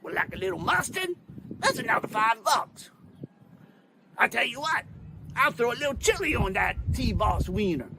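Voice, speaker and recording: A performer playing a greedy male ball-field owner who pitches overpriced deals with loud, pushy salesman patter in a comedy bit. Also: background noise.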